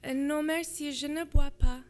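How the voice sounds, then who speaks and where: A woman's voice: sits high, fairly even intonation, a little slow, a little mellow, faint music behind, voice pushed up. A woman voicing a shy American teenage girl speaking careful, hesitant schoolbook French. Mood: shy, earnest.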